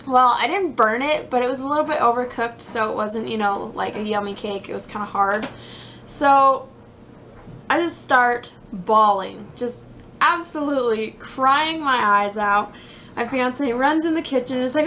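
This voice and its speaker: A woman's voice: a little high, normal speed, pushed and bright, a little hiss or hum. A woman vlogging casually at home about her pregnancy, chatty and rambling with lots of fillers. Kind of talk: casual chat to camera.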